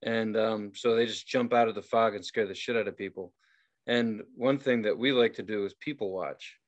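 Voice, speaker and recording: A man co-hosting a podcast, telling a story in a casual, profane and animated way and acting out the people in it. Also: fairly low pitch, normal speed, highs cut off. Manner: profane, animated, acts out quoted voices. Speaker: podcast co-host.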